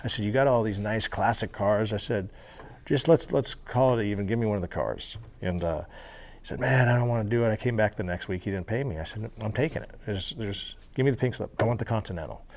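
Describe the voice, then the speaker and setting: A man being interviewed, telling animated stories with casual swearing and laughter. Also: lowish voice, brisk. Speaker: interview guest. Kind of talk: storytelling interview. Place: federal halfway house.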